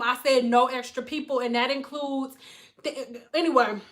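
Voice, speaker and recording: A woman's voice: sits high, moderate pace. A woman hairstylist ranting on a casual livestream, blunt and profane as she tells stories. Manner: blunt, profane, animated storytelling.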